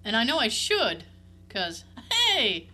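A woman's voice: a little high, very animated, takes it slowly, pushed and bright, a little hiss or hum. A woman co-hosting a casual chat, candid and profane, laughing often.

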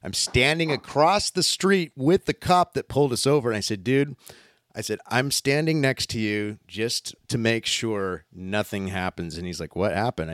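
A man telling a story in casual chat, animated and swearing often, acting out what others said. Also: fairly low pitch, no room sound, studio quality.

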